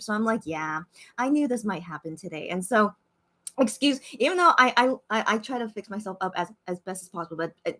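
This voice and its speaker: A young woman talks to her viewers on a live stream from home, her voice sitting a little high. She rambles in an emotional way, stopping and restarting often and filling gaps with fillers as she chats casually. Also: a bit bright. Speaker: vlogger hosting a live stream.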